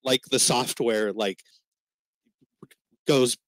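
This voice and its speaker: A man's voice: mid-range voice, steady tone, extremely slow, no room sound. A man co-hosting a podcast, talking casually and animatedly about a comic book, rambling and swearing now and then. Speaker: podcast co-host.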